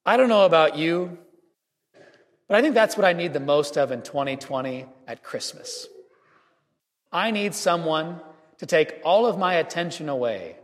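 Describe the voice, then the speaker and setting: A man giving a Christmas homily as a priest, telling a story earnestly with measured pauses in a church. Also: on the high side, animated. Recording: reverberant church hall.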